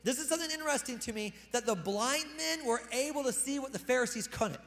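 A man preaching a sermon as pastor, animated, swinging between loud emphatic lines and quick hushed asides. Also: very high voice, long reverb tail.

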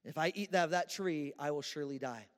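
A man voicing a naive young woman who speaks quietly and earnestly. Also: a little high, fast, long reverb tail, voice pushed down, close to an everyday voice.

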